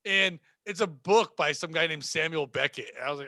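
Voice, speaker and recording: A man co-hosting a comedy podcast, trading crude jokes in animated banter and laughing often. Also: fairly high pitch, a little fast, dry recording, clean studio sound. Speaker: podcast co-host.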